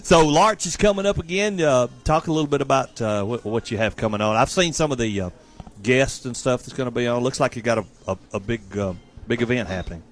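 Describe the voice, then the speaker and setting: A man's voice: medium pitch, brisk. A man hosting a sports talk radio show, joking around in a loose, upbeat way. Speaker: radio host.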